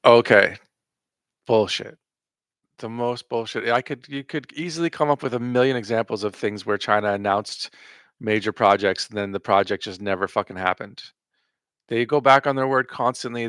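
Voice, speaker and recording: Male reaction host: low voice, dry close sound, blunt and profane. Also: steady tone, normal speed, fairly bright tone, smooth, no echo. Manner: profane, sarcastic rebuttals. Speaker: commentary host reacting to clips. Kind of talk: reaction commentary.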